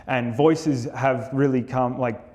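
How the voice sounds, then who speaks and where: A man's voice: medium pitch, fairly even intonation, slow, a little mellow, long reverb tail, dull audio. A young Australian man, an actor, chatting animatedly as an interview guest, telling stories with laughs. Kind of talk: casual interview chat.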